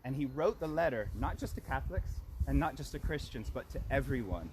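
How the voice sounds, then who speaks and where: A man's voice: medium pitch, animated, brisk. Chatty man telling stories outdoors. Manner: chatty, storytelling, many restarts. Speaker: walk guide and community organiser. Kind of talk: casual outdoor storytelling. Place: outdoors by a community garden. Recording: loud outdoor noise with passing traffic.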